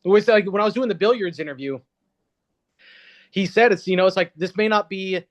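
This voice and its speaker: A man's voice: sits high, a little fast. A man, a reporter, talking casually as an interview guest, wandering through his answers with many fillers and restarts. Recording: dull, lo-fi sound.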